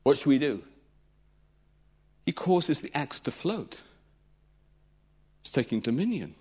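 A man preaching a sermon, animated, retelling stories dramatically with acted-out voices. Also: mid-range voice, takes it slowly, breathy edge.

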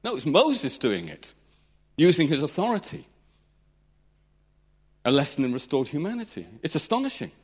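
A man preaching a sermon, animated, retelling stories dramatically with acted-out voices. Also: fairly high pitch, moderate pace, long pauses.

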